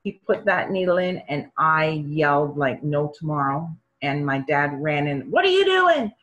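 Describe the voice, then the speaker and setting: A woman's voice: sits low, a little slow, dull audio. A middle-aged woman telling her own health story in a conversational way, acting out the voices of the people in it. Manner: animated, acts out quoted voices of doctors and parents. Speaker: storyteller sharing her experience.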